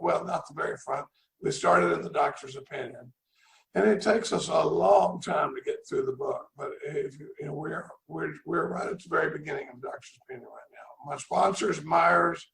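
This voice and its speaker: A man's voice: a little high, moderate pace, vocal fry, a bit bright, echoey room, a little hiss or hum, rough recording. A middle-aged man giving a rambling, folksy recovery talk over a video call, often repeating his words. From Dallas, Texas. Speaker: recovery meeting speaker.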